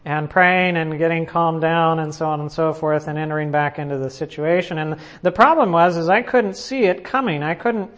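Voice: mid-range voice, fairly even intonation, moderate pace, few pauses, fairly bright tone. Preacher in a sermon: casual storyteller who keeps restarting sentences and quizzes the listeners. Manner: conversational storytelling with frequent restarts; asks the audience questions.

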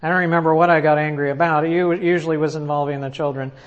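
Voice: medium pitch, steady tone, quick pace, dull audio. A preacher giving a sermon as a conversational personal story, with frequent restarts and questions to the audience.

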